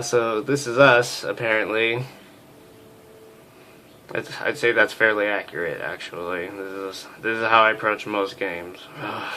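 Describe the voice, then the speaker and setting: A man giving casual let's play commentary at an unhurried pace, with a bright, sharp tone. He is self-mocking and swears freely as he reacts to the game. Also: lowish voice, a little hiss or hum.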